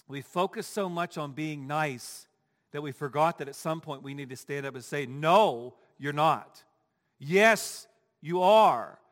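A man preaching a sermon as pastor, emphatic, swinging from quiet asides to loud declarations. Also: on the high side, long reverb tail.

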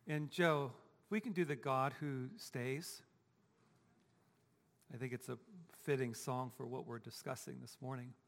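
A man's voice: medium pitch, steady tone, measured pace, creaky, big-room sound. A man preaching a sermon as pastor, talking conversationally and asking the congregation rhetorical questions. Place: church sanctuary.

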